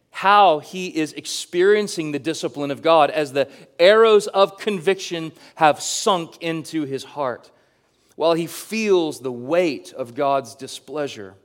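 A pastor, a man, reading scripture slowly and then preaching with rising emphasis, speaking straight to his congregation. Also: on the high side. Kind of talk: sermon.

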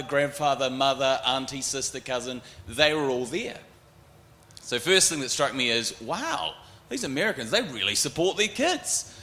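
A man in his forties with a New Zealand accent, telling animated stories as a panelist and acting out other people's voices. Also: medium pitch, echoey room. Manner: animated, acts out voices in anecdotes. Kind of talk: storytelling panel talk.

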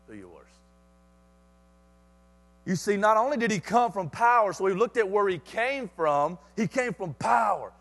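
A man's voice: high voice, a bit bright. A man preaching a sermon with emphatic repetition and rhetorical questions.

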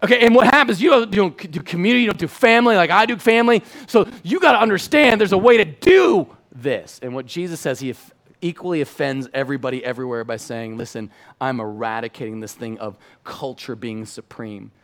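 A middle-aged man whose voice sits a little high for a man, preaching to a congregation. His delivery is animated and conversational, rising to loud bursts and falling to hushed, earnest stretches. He talks to the room informally rather than reading a script. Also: quick pace. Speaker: pastor. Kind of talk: sermon.

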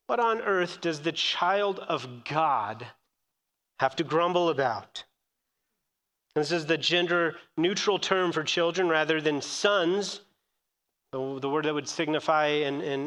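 A man's voice: fairly high pitch, fairly bright tone, big-room sound. A man preaching a sermon in an earnest, emphatic way, repeating key phrases. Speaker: pastor.

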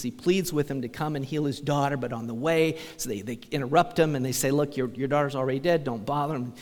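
A man preaching a sermon as pastor, talking conversationally and asking the congregation rhetorical questions. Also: on the high side. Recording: long church reverb.

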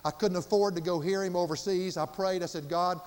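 A man preaching a sermon, earnest, slowing down and building for emphasis. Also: sits high, fairly even intonation, darkish tone, clear, resonant tone. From Southern United States. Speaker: pastor. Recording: reverberant church hall.

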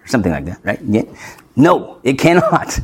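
A husky, mid-range male voice moves fairly quickly and with great animation through an expository sermon. The pastor is emphatic and punchy, firing rhetorical questions and tossing in playful asides with light laughter.

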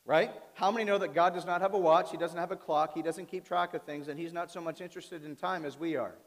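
Man, pastor, animated sermon, asks the crowd questions, high voice, long hall echo. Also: fast. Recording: reverberant hall.

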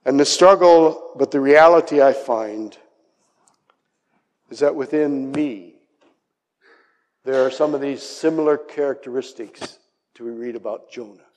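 A male pastor preaching a dramatic sermon, acting out the voices he quotes and dropping to soft asides. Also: mid-range voice, a little slow, pauses often. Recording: long hall reverb.

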